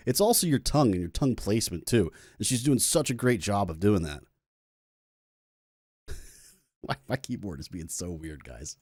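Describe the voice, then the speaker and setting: A man's voice: lowish voice, expressive, normal speed, long pauses, darkish tone, dry recording, clean studio sound. A man who is a music teacher, casually reacting to a song and enthusiastically explaining vocal technique, with apologetic asides to his viewers.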